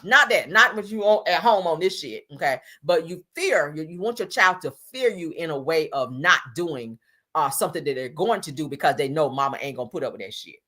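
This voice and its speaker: Animated, laughing woman livestream host. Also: low-pitched, brisk. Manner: animated, laughing, addresses viewers as y'all and baby. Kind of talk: casual storytelling to live chat.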